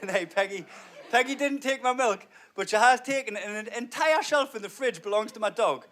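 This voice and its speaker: Man, thirties, stand-up comedian, sweary, fairly high pitch, bright tone, stage mic. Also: normal speed. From North East England. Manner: brash, sweary, swings from low mutters to loud bursts. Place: theatre stage before a live audience.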